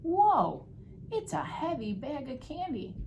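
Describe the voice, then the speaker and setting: A woman voicing a gruff but helpful policeman in a Halloween storybook. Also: medium pitch, sing-song, moderate pace, dark tone, a little hiss or hum, voice pushed up, close to an everyday voice. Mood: puzzled.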